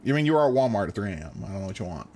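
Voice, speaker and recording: A man's voice: lowish voice, big pitch swings, very fast, mellow. A young man streaming a game, riffing with chat in crude, slangy jokes. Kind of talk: casual gameplay chat.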